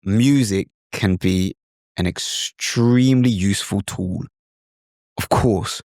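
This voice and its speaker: A British man hosting an instructional podcast, talking in a lively, demonstrative way and sometimes slipping into mimicked accents. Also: on the low side, slow, dry recording, studio quality. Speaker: podcast host.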